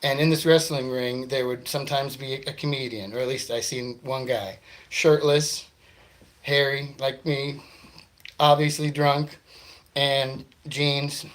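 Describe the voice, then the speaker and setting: A man's voice: medium pitch, fairly even intonation, a little slow, fairly bright tone. A man from the Tampa Bay area of Florida, a comedian telling rambling, self-deprecating, profane stories. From Tampa Bay area, Florida, USA. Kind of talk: comedic storytelling monologue.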